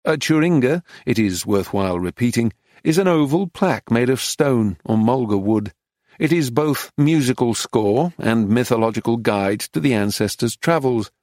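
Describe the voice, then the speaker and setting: Measured male audiobook narrator, close and dry. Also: medium pitch, lively intonation, darkish tone, no echo. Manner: measured, descriptive reading. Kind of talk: scripted first-person narration.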